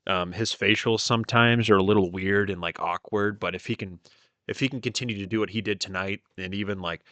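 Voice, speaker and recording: A man's voice: fairly low pitch, fairly even intonation, fairly quick, fairly bright tone, no echo. A man giving a casual, rambling wrestling review, retelling with many fillers and plenty of enthusiasm.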